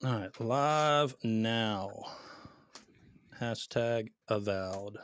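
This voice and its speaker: A man's voice: on the low side, very slow, clear, resonant tone. A middle-aged man hosting a gaming podcast, joking and teasing in casual chat. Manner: loud, teasing, joking banter. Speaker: podcast host.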